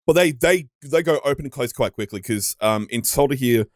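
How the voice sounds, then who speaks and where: A man's voice: medium pitch, lively intonation, a little fast, dry recording, studio quality. A man from Australia with an Australian accent, chatting casually and swearing freely on a podcast. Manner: swears freely, checks stats aloud. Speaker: podcast co-host. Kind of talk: casual chat.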